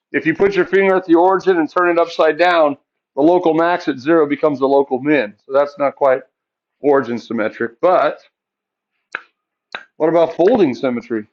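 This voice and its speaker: A man's voice: a little high, dull audio. A male math teacher lecturing a classroom, asking the students questions and answering them himself.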